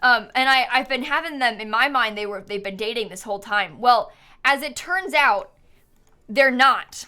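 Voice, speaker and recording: A woman's voice: on the high side, moderate pace, pushed and bright, smooth. A woman from the United States live-streaming a game, chatting casually and rambling, often laughing and answering her chat.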